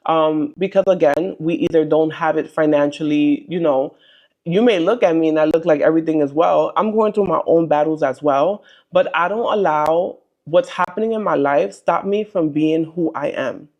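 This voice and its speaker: A woman's voice: low voice, normal speed, a little mellow, muffled recording. A young adult woman sharing a personal faith testimony in a casual, earnest, chatty way, with frequent ums and likes.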